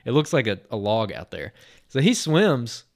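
Telling a long anecdote on his podcast, a man rambles casually, packing in fillers and frequent restarts with lively excitement. He speaks at normal speed with a medium pitch and some vocal fry.

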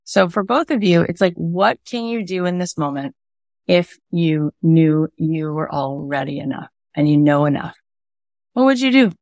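A woman's voice: sits low, normal speed, vocal fry, dry recording. A woman hosting a podcast and coaching two people on a call, speaking emphatically with lots of "like" and "right?". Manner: emphatic and animated, with a lot of "like" and "right?". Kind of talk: coaching call, motivational talk.

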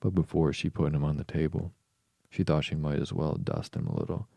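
A man narrating a storybook audiobook in a steady, measured reading. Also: rumbling low, creaky, dry recording.

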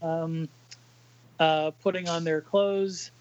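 A man co-hosting a podcast, recounting a comic book page by page in a casual, halting way with many fillers. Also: fairly high pitch, steady tone, dry recording, muffled recording. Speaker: podcast co-host reading a comic aloud. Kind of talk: casual chat.

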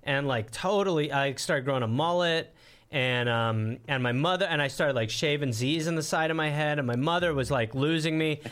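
Lively man with high voice. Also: clean tone. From Wisconsin, USA. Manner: animated, slips into quick mocking voices. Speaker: podcast guest. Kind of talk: casual comedic chat.

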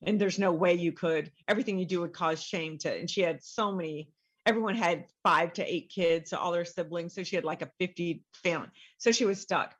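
A woman's voice: lowish voice, a little fast, slightly rough, highs cut off. A middle-aged woman, a guest author, telling her story in a casual interview and animatedly acting out the voices she quotes.

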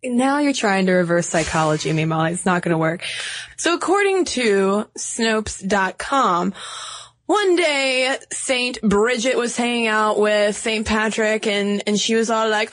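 A woman's voice: a little high, lively intonation, a little slow, a bit bright. A woman co-hosting a podcast in casual chat, playful, reading quotes aloud with mock drama. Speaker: podcast co-host.

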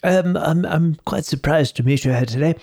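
A man's voice: fairly high pitch, normal speed, gravelly, a little mellow, dry recording, studio quality, voice pushed up. A man voicing an overly polite, well-spoken British action hero who keeps apologizing and hesitating. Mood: apologetic.

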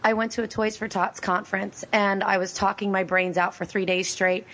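A woman hosting a talk radio show, hoarse from losing her voice, chatting in a bubbly, giggly, rambling way. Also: mid-range voice, level tone, normal speed, a bit bright. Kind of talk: casual radio show chat.

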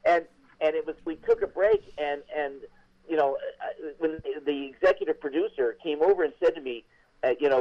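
An older man, a veteran actor, telling stories as an interview guest in a chatty, animated way with many restarts. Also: on the high side, a little fast, lo-fi sound. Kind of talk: interview storytelling.

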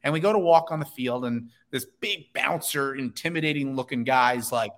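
A man calmly recounting a story as a podcast guest. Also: mid-range voice, fairly quick. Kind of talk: casual storytelling.

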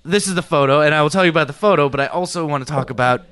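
Podcast co-host, male, smooth clear voice, rambling halting delivery, dry close studio sound. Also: fairly high pitch, fairly bright tone, no room sound. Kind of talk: casual chat. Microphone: studio mic.

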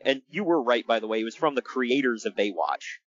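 A man co-hosting a casual podcast, talking in an animated, exasperated way and laughing often. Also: mid-range voice, fairly quick, no room sound, lo-fi sound. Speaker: podcast co-host. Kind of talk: casual wrestling podcast chat.

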